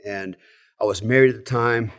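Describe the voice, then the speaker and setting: A middle-aged man from the United States with a fairly low voice talks through his army stories. He keeps a loose, relaxed manner, full of fillers and asides. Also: normal speed. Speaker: guest, former Delta Force soldier. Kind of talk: casual storytelling.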